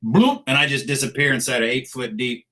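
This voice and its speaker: A man's voice: mid-range voice, fairly even intonation, fast talker, pushed and bright, low-quality recording. A middle-aged man, a podcast guest in a studio, telling salty, profane anecdotes with laughs in a casual interview.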